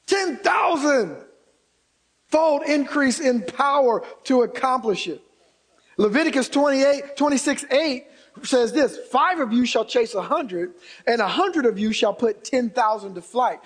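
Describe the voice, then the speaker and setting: A man preaching a sermon as pastor, animated, acting out quotes and building to shouts. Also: extremely high pitch, unhurried. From Indiana.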